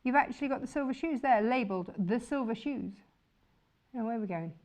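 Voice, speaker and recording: A woman's voice: a little high, lively intonation, fairly quick, darkish tone. A woman presenting fabrics on a shopping channel, chatty and enthusiastic. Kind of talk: chatty live sales presentation.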